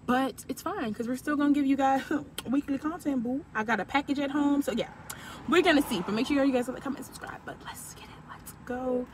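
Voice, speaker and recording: A woman's voice: high voice, brisk. A woman in her twenties talking to camera from her car about her week, chatty and heartfelt. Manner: chatty and heartfelt, gets emotional and tearful. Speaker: vlogger. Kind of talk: casual vlog talk to camera. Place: parked car with the window down. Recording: car window open to street traffic. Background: passing traffic.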